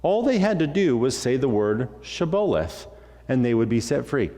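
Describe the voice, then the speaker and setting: Animated male pastor in an echoing hall. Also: mid-range voice, normal speed. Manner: animated, acts out dialogue, jokey asides. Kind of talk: sermon. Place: church sanctuary.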